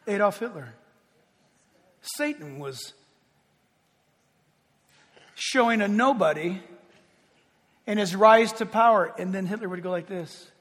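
A man preaching a sermon, emphatic, swinging from loud declarations to hushed, quiet passages. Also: high voice, expressive, takes it slowly, long pauses. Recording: long hall reverb.

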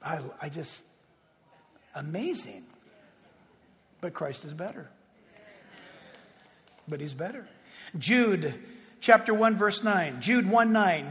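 A man pastor preaching a sermon, animated, swinging between loud exclaims and hushed asides. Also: sits high, takes it slowly, long pauses. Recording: reverberant hall.

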